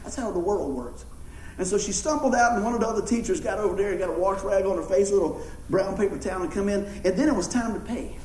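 A man preaching a sermon, folksy and animated, telling stories and acting out voices. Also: sits high, fast talker, reverberant, a little hiss or hum, poor audio. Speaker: pastor. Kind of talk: sermon with storytelling.

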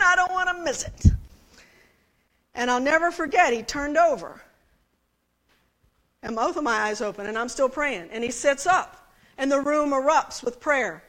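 High bright animated woman preaching. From United States. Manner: animated, chatty, laughs with the congregation. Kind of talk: sermon storytelling.

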